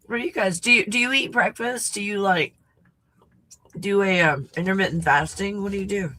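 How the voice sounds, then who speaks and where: A woman's voice: mid-range voice, moderate pace, bright, forceful tone. A woman hosting a casual livestream chat, snacking, reacting to viewer comments and swearing freely. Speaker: host.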